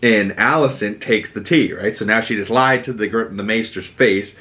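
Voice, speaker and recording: Casual low-voiced man with Boston accent. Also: normal speed. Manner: animated, quotes characters with dramatic pitch jumps and swearing. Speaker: podcast host recapping a TV episode. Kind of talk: casual recap monologue.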